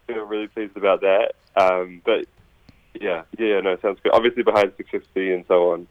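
A man's voice: low voice, steady tone, brisk, no room sound, narrow, tinny audio. A man, a musician calling in to a radio show, easygoing and self-deprecating. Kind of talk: phone-in radio interview.

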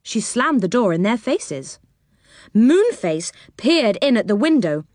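A woman narrating a children's storybook in a calm, low-key reading voice. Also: a little slow, no room sound, studio quality. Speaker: audiobook narrator.

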